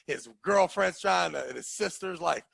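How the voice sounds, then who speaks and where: Gravelly man telling an animated story. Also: sits high, normal speed, no room sound. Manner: animated, acts out quoted voices. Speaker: podcast host telling a story. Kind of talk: casual storytelling.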